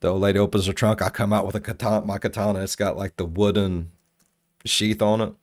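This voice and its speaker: Deep-voiced man telling stories, dry sound. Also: fast, no room sound. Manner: profane, rambling and animated. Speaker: reaction video host. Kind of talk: casual storytelling commentary.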